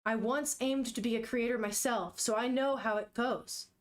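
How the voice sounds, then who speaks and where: A woman voicing a stern, protective middle-aged father, speaking gravely and pleading. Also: fairly high pitch, fairly even intonation, normal speed, close to an everyday voice. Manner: grave, pleading, grows forceful.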